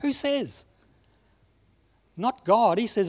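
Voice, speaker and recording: Aussie bloke preaching, fairly high voice, tells a story and drags out the big lines. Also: male voice, expressive. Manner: storytelling, slows down for emphasis. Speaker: pastor. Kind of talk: sermon.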